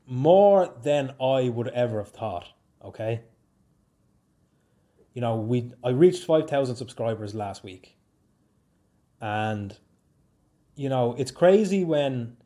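Rambling Dublin man, mellow voice. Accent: Dublin Irish. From Ireland. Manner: rambling, jokey, lively swings in pitch and loudness. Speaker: podcast host. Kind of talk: casual solo podcast chat.

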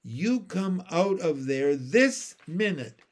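A man's voice: a little high, lively intonation, normal speed, a bit bright. A man doing a bossy scolding big sister. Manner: scolding, commanding.

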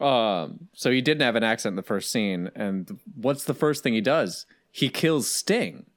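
A man's voice: mid-range voice, a little slow, no room sound. A man co-hosting a casual film podcast, cracking dry jokes as he talks about a movie. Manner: joking, animated, dry wisecracks. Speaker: podcast co-host. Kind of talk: casual film-review chat.

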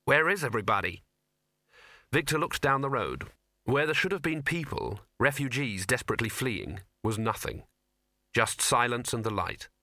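A male narrator reading a comic fantasy audiobook with expressive storytelling. His tone is bright with a lively rise and fall, recorded close and dry. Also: medium pitch, moderate pace, no echo. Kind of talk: scripted narration.

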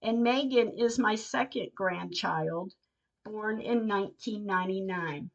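Older woman host reading her own diary, very slow and earnest, on a dull lo-fi recording. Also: mid-range voice, gravelly. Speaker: podcast host. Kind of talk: reading personal diary entries aloud.

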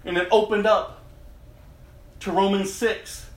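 A man giving an emotional testimony to an audience, dramatic, swinging between loud outbursts and hushed tones. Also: high-pitched, little pitch movement, slow pace, echoey room. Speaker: speaker giving a personal testimony.

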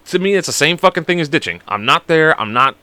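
A man's voice: fairly high pitch, fast talker, no room sound. A young man spins a rambling, profane story with his voice rising and falling all over. He hosts a casual podcast and talks into a close mic with a dry, dead sound. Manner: swearing, rambling, animated. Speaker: podcast host.

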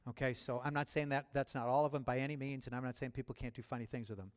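A man preaching as a pastor, speaking in a personal, conversational way with restarts and chuckles, and building to loud fervor. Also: mid-range voice, fairly even intonation, fast. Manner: builds to loud, rising fervor near the end. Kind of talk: sermon. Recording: long hall reverb.

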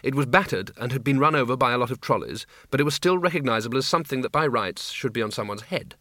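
A man narrating a comic fantasy audiobook in a wry, measured way. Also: medium pitch, lively intonation, fairly bright tone, no room sound, clean studio sound.

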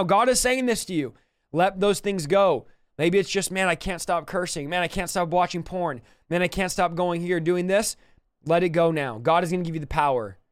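Fervent high-voiced male preacher. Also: smooth, dry recording, studio quality. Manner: fervent, repetitive exhortation. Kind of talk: sermon with prayer.

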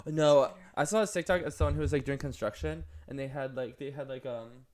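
A young woman co-hosting a casual podcast, teasing and animated, telling stories with quoted voices. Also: a bass voice, moderate pace. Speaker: podcast co-host. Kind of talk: casual chat.

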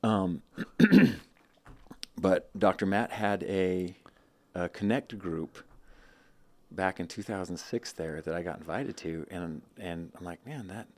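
Deep-voiced man telling a rambling story. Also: takes it slowly, pauses often, darkish tone. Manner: rambling, many restarts and quoted asides. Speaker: guest. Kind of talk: casual storytelling.

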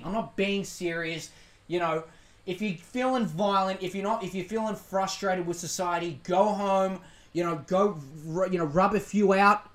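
A man with an Australian accent hosting a podcast, delivering a profane, sarcastic, rambling monologue. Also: high voice. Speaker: podcast host. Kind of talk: casual ranting monologue. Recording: echoey room.

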